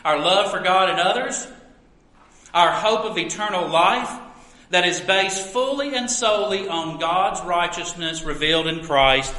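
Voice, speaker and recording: A pastor preaching a sermon, with earnest, emphatic delivery and drawn-out stresses, in a church sanctuary. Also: male voice, high-pitched, bright, forceful tone. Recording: echoey room.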